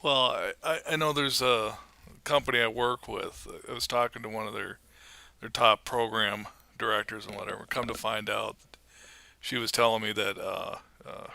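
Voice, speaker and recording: A man's voice: fairly low pitch, creaky, sharp tone, no room sound. A middle-aged man co-hosting a podcast, chatting with wry, grumbling asides. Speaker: podcast co-host. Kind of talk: casual podcast chat.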